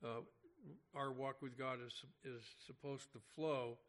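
A man teaches scripture in a relaxed, conversational sermon, speaking a little slowly at a medium pitch. As he explains, he often restarts sentences and uses filler words. This Bible teacher mentions that he has an irregular heartbeat.

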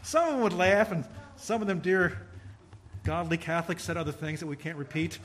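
A middle-aged male preacher delivering a sermon, telling stories with sudden loud emphasis and bursts of laughter. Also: a little high, normal speed.

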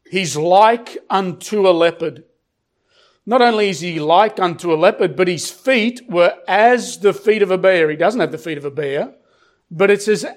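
A middle-aged man delivers a sermon in a fairly high voice. He hammers key words through repetition, and he drops into a slow, weighty cadence whenever he reads scripture. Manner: emphatic, repeats phrases, slows down for scripture. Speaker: pastor.

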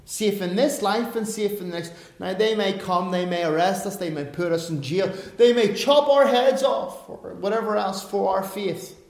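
A man's voice: sits high, moderate pace, vocal fry, few pauses, a little mellow. A middle-aged male pastor preaching a sermon, emphatic, with chatty asides and self-corrections. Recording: echoey room.

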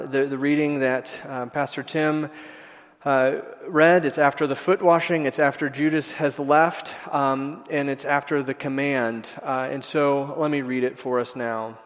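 A man preaches in a mid-range voice. He speaks haltingly, with frequent filler words and restarts. His voice carries a long reverb from a church sanctuary. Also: mid-range voice. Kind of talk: sermon with personal story.

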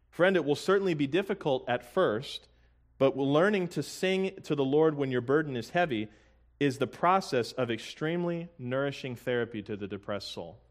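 A man preaching a sermon in an earnest, conversational way, with joking asides and slowly sung hymn lines. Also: medium pitch. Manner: sings hymn lyrics slowly. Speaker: pastor.

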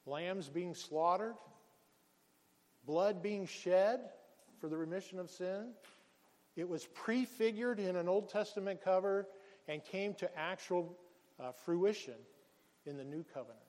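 Man, pastor, earnest sermon delivery with restarts, high voice, reverberant hall sound. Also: a little slow, pauses often, a little mellow.

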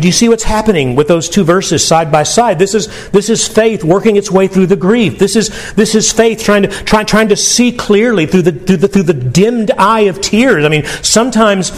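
A pastor with a high-pitched voice delivers a sermon to his congregation. His preaching is earnest and emphatic, and he often restarts his phrases as he talks. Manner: earnest, emphatic, conversational preaching with repeated words.

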